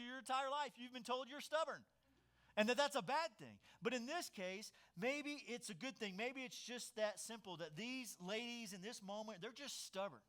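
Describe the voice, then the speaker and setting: A man preaching a sermon, telling stories with lively swings between loud emphasis and quiet asides. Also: sits high. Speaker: pastor.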